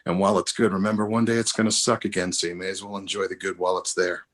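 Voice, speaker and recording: A man's voice: low voice, level tone, quick pace. Older man telling a rambling comic story. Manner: rambling, self-correcting. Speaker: comedian and minister. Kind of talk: storytelling stand-up. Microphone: video call.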